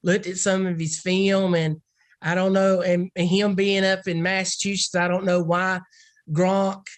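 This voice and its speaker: A woman's voice: fairly low pitch, level tone, unhurried, no echo. Woman recruiting analyst, dry close sound. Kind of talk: casual podcast discussion.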